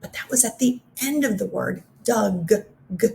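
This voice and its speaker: A woman teaching a phonics lesson to young children, sounding out letter sounds slowly and clearly. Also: on the high side, big pitch swings, darkish tone, slight background noise.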